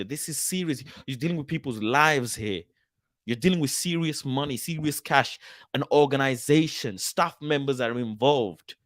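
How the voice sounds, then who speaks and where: A man's voice: mid-range voice, no echo, studio quality. A man in his twenties hosting a football channel, talking casually and animatedly, firing rhetorical questions at viewers. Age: 20s. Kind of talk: casual video commentary.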